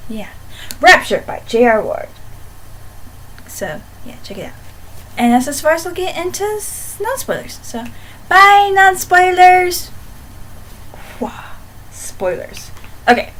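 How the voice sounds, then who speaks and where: A young woman reviews a book for her channel in a casual, playful way. Her voice sits high and she swings into loud, dramatic asides. A faint hiss runs under the recording.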